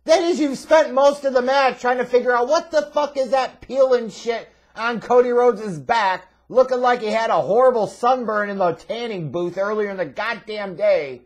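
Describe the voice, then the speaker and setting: A man's voice: very high-pitched, moderate pace, few pauses. A man reviewing a wrestling show in a profane, sarcastic, exasperated rant. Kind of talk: ranting video review.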